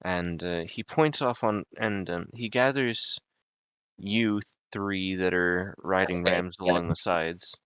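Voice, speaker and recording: A man's voice: deep voice, slow pace, fairly bright tone, smooth, no room sound, dull audio. A young man running a tabletop game as game master, narrating in a laid-back way with joking asides.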